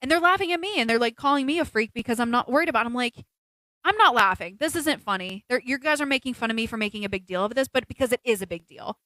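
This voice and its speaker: A woman co-hosting a casual podcast, telling stories in an animated way and quoting people as she goes. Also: on the high side, racing, few pauses, no echo. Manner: animated storytelling, quotes people in put-on voices. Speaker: podcast co-host. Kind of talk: casual chat on a livestreamed podcast.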